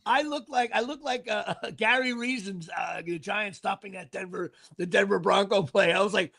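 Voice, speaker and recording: A man's voice: high voice, brisk, creaky, hardly any pauses, bright, forceful tone. A middle-aged man, hosting a show in casual, comedic, profane chat with stammering repeats. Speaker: podcast host.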